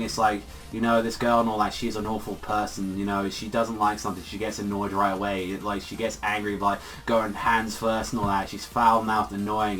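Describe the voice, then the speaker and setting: A man's voice: on the low side, a bit bright. A young man casually reviewing a manga chapter, rambling through fillers and swearing freely as he gushes. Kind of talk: casual spoken video review. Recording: far from the mic, faint music behind.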